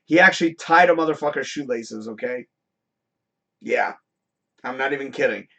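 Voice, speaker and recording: A man's voice: medium pitch, normal speed, creaky, fairly bright tone. A man hosting a live stream, telling a story in a casual, profane rant and laughing often. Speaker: host.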